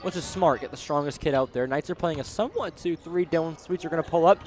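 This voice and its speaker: A young man calling a high school basketball game play-by-play, partisan and excitable, shouting on big plays. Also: fast. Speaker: play-by-play commentator. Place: school gymnasium.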